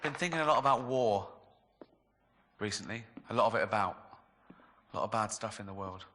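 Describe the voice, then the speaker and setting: A man's voice: fairly low pitch, animated, a little fast, bright, forceful tone, in a large hall, a faint crowd. A man with an English accent doing a stand-up comedy set, dry and sardonic, chuckling at his own jokes. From England.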